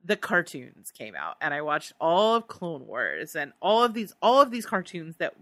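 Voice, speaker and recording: A woman's voice: sits low, very animated, normal speed, fairly bright tone, no room sound. A woman co-hosting a podcast in casual chat, reading listener answers aloud and laughing often. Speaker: podcast co-host.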